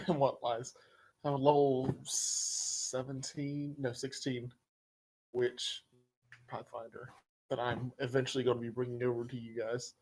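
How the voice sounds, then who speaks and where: A man's voice: mid-range voice, level tone, measured pace, a little mellow. Man running a tabletop game. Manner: playful, teasing. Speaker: game master.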